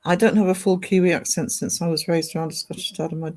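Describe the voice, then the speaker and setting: A woman's voice: lowish voice, steady tone, quick pace, darkish tone. A woman from northeast England chatting on a casual livestream, reading out viewer comments and rambling with lots of ums and restarts. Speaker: live streamer.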